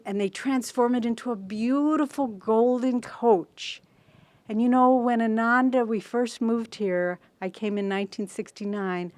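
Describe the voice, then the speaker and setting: A woman in her sixties giving a devotional talk as a spiritual teacher, telling a story in a gently earnest way. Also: mid-range voice, dry recording.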